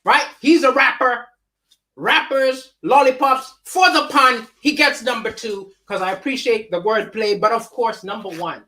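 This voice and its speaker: A man with a slight lisp hosts a live-streamed comedy show from his home. He talks in an animated, chatty way, riffing on songs and reading viewer comments aloud. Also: extremely high pitch, unhurried. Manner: animated, reads viewer chat aloud and riffs. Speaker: comedian hosting a livestream.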